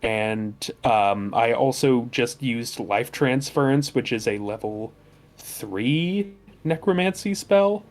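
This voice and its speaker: A man playing a tabletop game, talking through his turn with many pauses and fillers. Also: mid-range voice, expressive. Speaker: player. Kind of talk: casual tabletop game chat.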